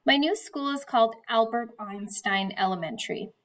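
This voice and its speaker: A woman teacher with a fairly high voice explains a class task step by step. She then reads a novel chapter aloud to her pupils, pausing on the odd word with small fillers. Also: a bit bright. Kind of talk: classroom lesson and read-aloud.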